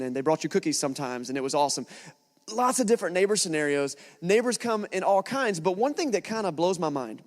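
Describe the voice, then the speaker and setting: A man in his thirties preaching a sermon, telling stories with lively acted-out quotes. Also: on the high side. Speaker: pastor. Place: church hall. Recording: long church hall reverb.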